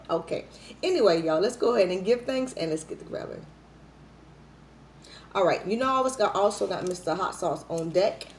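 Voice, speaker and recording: A young adult woman talking to her viewers in a casual eating vlog, lively and playful and buzzing from coffee. She chats and jokes at a middle pitch. A faint hiss of background noise sits behind her voice. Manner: lively, chatty, playful, says y'all a lot. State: hyped up on coffee. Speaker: mukbang vlogger.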